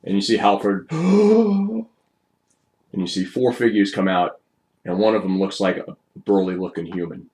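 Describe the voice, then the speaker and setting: A man's voice: low-pitched, expressive, unhurried, long pauses, a little mellow, a little hiss or hum, low-quality recording. A man narrating as game master of a tabletop game, improvising and repeating words as he goes.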